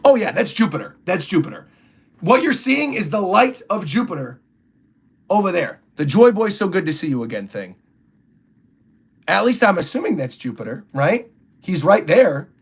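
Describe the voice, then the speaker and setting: A man's voice: high-pitched, very animated, normal speed, gravelly, breathy edge. A young man chatting casually on a livestream, rambling through his thoughts and reading viewer comments aloud. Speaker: streamer reacting to a comic chapter.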